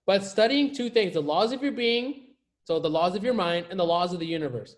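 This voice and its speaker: A life coach with a high, brisk male voice gives viewers a casual motivational talk to camera. He's emphatic and slangy, repeating his key phrases for effect.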